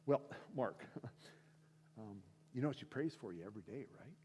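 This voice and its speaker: A man's voice: mid-range voice, lively intonation, unhurried, dark tone, in a large hall, a little hiss or hum, pitched below the performer's own voice, lightly acted. A man voicing a short, bald male pastor who is cheerful and persistent. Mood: coaxing.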